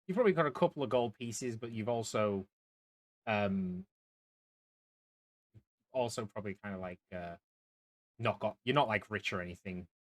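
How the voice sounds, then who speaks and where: A man running a tabletop game as dungeon master, narrating haltingly with many restarts. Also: fairly low pitch, rough recording.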